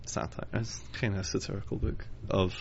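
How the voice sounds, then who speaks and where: A man's voice: lowish voice, fairly even intonation, brisk, creaky. A man co-hosting a casual podcast chat, dry, blunt and sardonic. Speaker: podcast co-host. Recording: dull lo-fi sound with faint noise.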